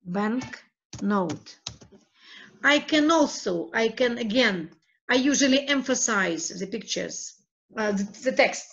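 Woman teacher, slightly high voice, slow and halting screencast walkthrough, dull lo-fi sound. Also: expressive, vocal fry, a bit bright. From Russia. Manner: slow, halting, repeats her words as she clicks through steps. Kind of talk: screencast tutorial.

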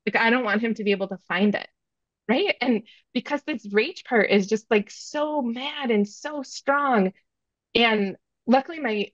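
A woman's voice: on the high side, a bit bright, no echo, lo-fi sound. A woman in her thirties, a podcast guest, candidly recounting a parenting story with many fillers and self-reflection.

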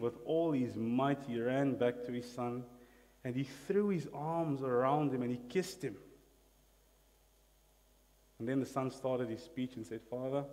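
A man's voice: mid-range voice, warm tone, in a large hall. A man preaching a sermon as pastor, emphatic, asking the congregation to repeat words after him. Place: church hall.

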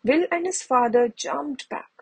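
Slow, breathy woman reading a storybook. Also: high-pitched, darkish tone, poor audio. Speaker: storybook reader. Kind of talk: bedtime story read-aloud.

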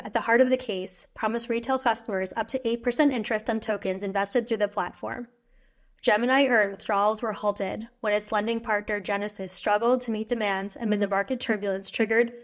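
A woman reads a scripted news roundup at a steady, even pace. Her voice sits in a middle register, neither high nor low. The delivery stays controlled and level throughout. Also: brisk. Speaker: news reader.

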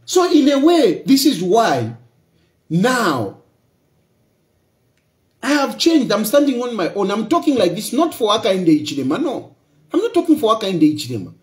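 A man's voice: high-pitched, huge pitch swings, normal speed, long pauses, roomy sound. A Zambian man speaking in a passionate political monologue, emphatic and repetitive, switching between English and local phrases. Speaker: opposition politician.

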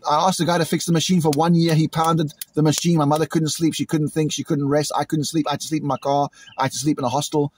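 A British man venting angrily in a vlog, repeating himself and imitating loud bangs, recorded outdoors. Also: fairly high pitch, flat delivery, fast, few pauses, slight background noise. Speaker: vlogger. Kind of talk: agitated monologue to camera. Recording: outdoors in a cemetery.

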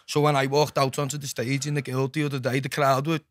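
A young man with a Liverpool accent, a musician chatting casually on a podcast, sweary and animated. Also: medium pitch, no room sound. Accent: Liverpool (Scouse). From Liverpool, England. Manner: fast, sweary, animated storytelling. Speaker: musician guest. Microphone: studio mic.

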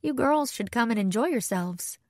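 A woman's voice: on the high side, expressive, moderate pace, a little mellow, no room sound, studio quality, voice pushed up. A woman doing a bubbly, gushing young woman. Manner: gushing, breezy. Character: bubbly young woman, model, older sister.

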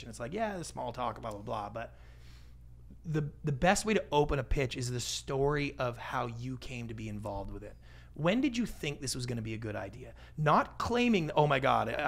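A middle-aged man talking casually as a podcast guest, animated and acting out what other people say. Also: mid-range voice, vocal fry. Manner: animated, acts out quoted voices. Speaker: guest, pitch expert. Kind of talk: podcast interview.

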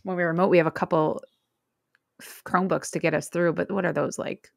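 A woman's voice: on the low side, steady tone, brisk, gravelly, no room sound, studio quality. A middle-aged woman co-hosting a podcast in casual chat, joking and laughing as she talks. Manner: chatty, jokey asides, laughs often. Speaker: podcast co-host.

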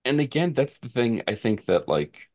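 A man's voice: mid-range voice, big pitch swings, normal speed, darkish tone. A man hosting a podcast, asking his guest questions in a loose conversational way with hesitant asides. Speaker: podcast host. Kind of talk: interview questions.

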